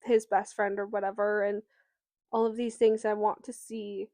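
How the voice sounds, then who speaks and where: A woman's voice: mid-range voice, little pitch movement, normal speed, darkish tone, no room sound. A woman co-hosting a podcast, recapping a novel's plot in casual chat with fillers and some swearing. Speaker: podcast co-host. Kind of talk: casual book discussion.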